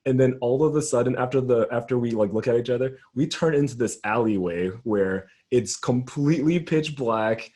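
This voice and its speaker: A man's voice: medium pitch, moderate pace, few pauses, warm tone. A young adult man, a youth pastor, telling a story in a casual round-table chat, acting out the dialogue and laughing often.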